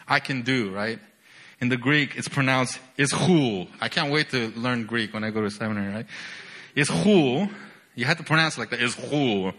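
Full of energy, a young man delivers a sermon, often tossing in "right?" as he swings between loud outbursts and quiet, low lines.

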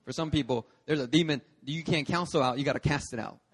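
Guy pastor preaching, fairly high voice, punchy storytelling, big echoey church hall. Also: fast, husky. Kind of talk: sermon. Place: church service. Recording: long reverb of a church hall.

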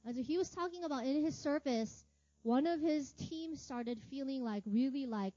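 High, mellow-voiced woman preaching casually. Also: moderate pace, no echo, dull audio. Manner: chatty, laughs often, lots of filler words and tag questions. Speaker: ministry teacher. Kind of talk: casual sermon storytelling.

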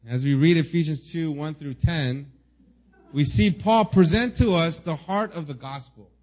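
A man preaching a sermon to a congregation, reading quotations slowly and with emphasis, with the odd "uh" between thoughts. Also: on the high side, a little mellow, dull audio. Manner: reads quotes slowly and emphatically, with filler "uh".

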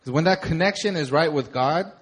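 A young adult man preaching a sermon, talking conversationally, with animated storytelling and laughter. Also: fairly high pitch, a little fast, slightly rough. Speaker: pastor.

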